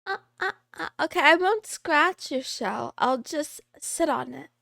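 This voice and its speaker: A playful, giggly woman talks with her viewers on a casual livestream, meowing now and then in a cat persona. Her voice sits high and swoops up and down a lot, and she takes her time over the words. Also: expressive, unhurried, gravelly, pushed and bright, no echo, clean studio sound. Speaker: VTuber streamer. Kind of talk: casual livestream chat, reading out viewer names.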